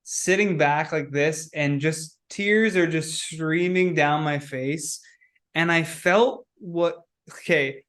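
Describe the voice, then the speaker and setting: A male podcast host telling stories in a casual, animated way, with many "like" fillers. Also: a little high, slow pace. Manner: animated storyteller, heavy use of "like". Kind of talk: casual conversational interview.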